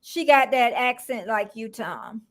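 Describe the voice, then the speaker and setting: A woman's voice: high voice, animated, measured pace, fairly bright tone. An older woman from Florida hosting a casual livestream, chatting with a guest and greeting viewers by name with frequent laughter. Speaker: livestream host.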